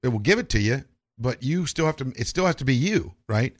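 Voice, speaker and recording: Male host, mid-pitched voice, rambling chat with lots of restarts. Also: lively intonation, a little fast. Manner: rambling, with frequent restarts and swearing. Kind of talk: casual podcast chat.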